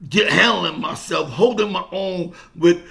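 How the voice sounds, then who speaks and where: An older man and boxing coach, telling a story in an animated way, repeating himself and swearing freely. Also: high voice, a little slow, gravelly. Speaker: boxing coach and former fighter. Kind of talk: casual boxing talk to camera.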